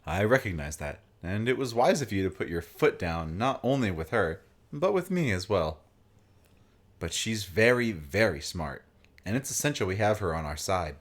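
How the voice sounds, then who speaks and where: A man voicing a diplomatic character in a visual novel, in a measured, formal way. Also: deep voice, big pitch swings.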